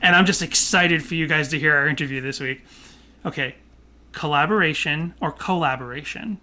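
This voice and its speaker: A man's voice: on the high side, steady tone, brisk, pushed and bright. A man co-hosting a podcast, chatting casually and playfully ranting about a pet peeve. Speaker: podcast co-host. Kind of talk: casual chat.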